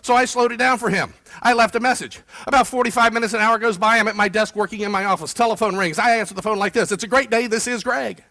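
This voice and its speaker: A man giving an energetic, fast-paced motivational keynote talk to a room of people, often quizzing the audience. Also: high-pitched. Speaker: keynote speaker.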